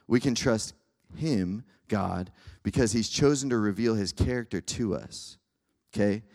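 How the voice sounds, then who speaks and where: A man's voice: on the low side, unhurried, darkish tone. Young man giving a casual sermon. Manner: conversational, keeps checking in with listeners. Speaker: campus ministry speaker.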